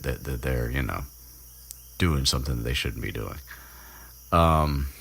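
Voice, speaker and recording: Very deep-voiced rambling young man. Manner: rambling, chuckling, swears freely. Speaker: podcast host. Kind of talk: casual chapter recap.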